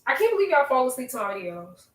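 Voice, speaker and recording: A young woman hosting a casual livestream from home, reading viewer comments and chatting, with a strong voice that has some bass to it. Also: very animated, fast, far from the mic. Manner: chatty, reads viewer comments aloud, laughs often. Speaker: livestream host. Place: room at home. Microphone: laptop mic. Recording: echoey room, talking from off the laptop mic.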